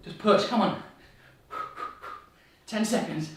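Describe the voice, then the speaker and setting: A man's voice: high-pitched, takes it slowly, distant mic. Upbeat male fitness coach, slightly breathless, heard off-mic in a very echoey room. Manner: upbeat, encouraging, counts reps aloud. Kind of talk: guided workout instruction.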